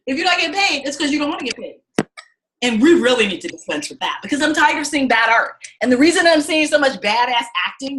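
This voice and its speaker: A woman's voice: sits high, fairly bright tone, a little hiss or hum. A woman teaching an acting class, telling blunt, profane stories and acting out the people she quotes. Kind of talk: class talk to students.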